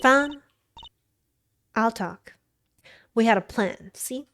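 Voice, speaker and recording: A woman's voice: on the high side, expressive, extremely slow, fairly bright tone, slight background noise, exaggerated voice. A woman voicing a sly, boastful female card dealer with a put-on American Southern accent, reading a video game aloud. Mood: grudging. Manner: boastful, theatrical.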